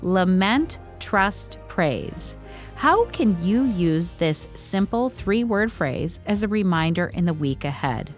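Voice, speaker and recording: A woman hosting a devotional podcast, reading a script in a calm, measured way. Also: fairly low pitch, faint music behind. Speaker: host.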